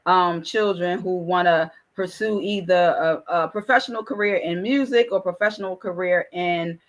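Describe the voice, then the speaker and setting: A woman's voice: fairly low pitch, normal speed. A woman hosting a talk show, asking questions and chiming in with short agreements. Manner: affirming, chimes in with short agreements. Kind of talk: conversational interviewing.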